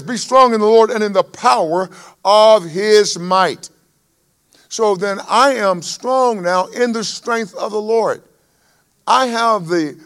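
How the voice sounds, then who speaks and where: A man with a high voice preaches a sermon. He pushes loud on the scripture lines and then drops to a quieter, conversational tone between them. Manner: emphatic preaching that swells and drops in volume. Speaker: pastor.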